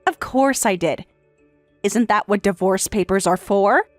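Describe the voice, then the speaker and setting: A woman voicing a calm, sarcastic wife in a text-message story, speaking in a matter-of-fact way. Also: mid-range voice, measured pace, no room sound, faint music behind, natural voice. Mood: cool, sarcastic. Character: calm, sarcastic wife who has left her husband.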